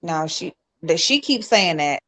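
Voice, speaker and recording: A woman hosting a casual livestream panel, talking fast and bluntly, swearing freely, and mimicking other people in a high voice. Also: very animated, a bit bright, no echo. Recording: dull lo-fi stream audio.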